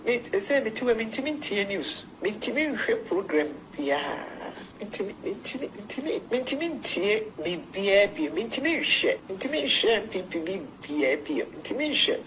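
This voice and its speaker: A woman on a phone-in call speaks earnestly, circling back over the same words and pleading her point. Her voice sits at a middle pitch, with faint noise hissing under the line. The call has a slightly distant, phone-like sound. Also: big pitch swings, normal speed, hardly any pauses. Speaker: caller.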